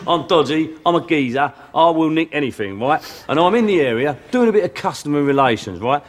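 An actor playing a dodgy, chatty male Cockney burglar who delivers a sales pitch in a Cockney accent and keeps adding "right?" to his lines. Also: lively intonation, brisk. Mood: cheeky. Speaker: sketch character.

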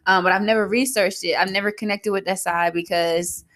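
A woman's voice: medium pitch, steady tone, brisk, fairly bright tone. Blunt, slangy young woman co-host. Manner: blunt, profane, slangy banter. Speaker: podcast co-host. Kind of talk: casual chat.

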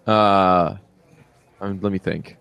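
A man's voice: low-pitched, steady tone, slow pace, creaky, fairly bright tone, clear, resonant tone. Rambling man chatting on a podcast. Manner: rambling, laughs often, many fillers. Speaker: podcast co-host. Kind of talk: casual chat.

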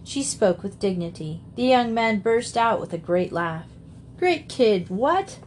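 A woman narrating a classic children's novel in a steady, measured reading voice. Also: medium pitch, a little hiss or hum. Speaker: audiobook narrator. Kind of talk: storybook narration.

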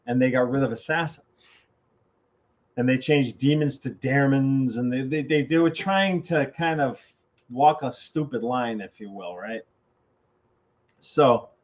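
Older man, author guest, animated storyteller, slightly muffled audio. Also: mid-range voice. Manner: animated, acts out quoted phone calls. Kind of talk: casual interview storytelling.

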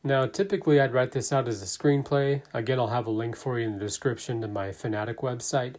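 A man's voice: mid-range voice, steady tone, fast, darkish tone. A man casually narrating and commenting on his own fan theory, thinking aloud with fillers. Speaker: fan theory video maker.

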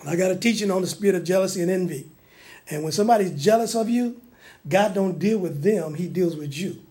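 A male preacher teaching a sermon in an animated way, sometimes acting out the people he quotes. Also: high voice, fairly quick.

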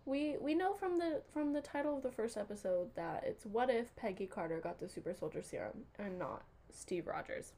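A woman's voice: on the high side, animated, moderate pace, hardly any pauses, dark tone. A young woman with a stuffy nose, chatting playfully and laughing on a podcast. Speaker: podcast co-host. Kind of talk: casual chat.

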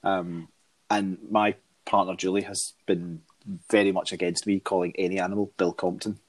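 Teasing man, husky voice. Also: sits low, level tone, normal speed. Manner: teasing, chatty storyteller. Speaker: podcast co-host. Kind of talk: casual chat about a book.

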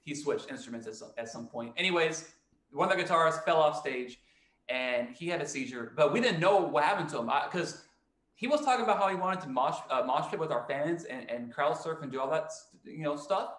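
Acting out quotes and restarting frequently, a man who fronts a band and hosts a podcast rambles through a casual band story. His slightly high, bit bright voice is animated and a little fast, heard in a reverberant space.

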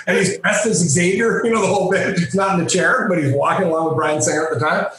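A man, a comic book artist and guest, telling a lively, self-mocking story in a casual interview. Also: high-pitched, quick pace, hardly any pauses, very echoey, low-quality recording. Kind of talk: animated anecdotal storytelling.

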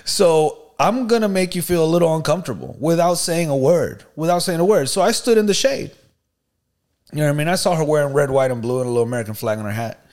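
A man with a fairly high voice tells a story on a podcast in an animated, casual way. He talks in slang and keeps checking in with his listener. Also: fast. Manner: animated, slangy, keeps saying bro and you know what I mean. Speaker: podcast co-host.

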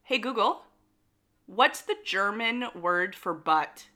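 A woman co-hosting a casual podcast, with a bright, ringing voice. Her pitch moves up and down a lot, and she sounds enthusiastic and quick to swear. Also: lively intonation. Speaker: podcast co-host. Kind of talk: casual chat.

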